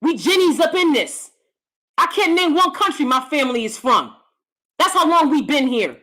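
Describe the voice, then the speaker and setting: An American woman rants bluntly into the camera, cursing freely and firing off challenges. Her voice sits high and leaps between low mutters and sharp peaks. The delivery is combative and unfiltered. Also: very animated, moderate pace. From United States. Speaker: YouTube commentator. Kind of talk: ranting commentary.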